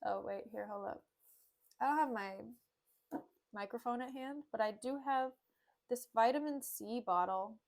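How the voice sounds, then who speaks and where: High-voiced woman reading a play with jokey asides. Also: a little slow, long pauses. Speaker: streamer reading a play aloud. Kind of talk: casual dramatic reading with modern paraphrase.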